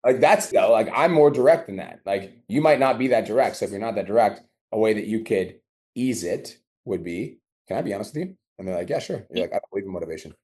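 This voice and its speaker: Fast-talking blunt man coaching. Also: fairly low pitch, animated, a little mellow. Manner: blunt, profane, acts out dialogue. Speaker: business coach. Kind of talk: coaching call.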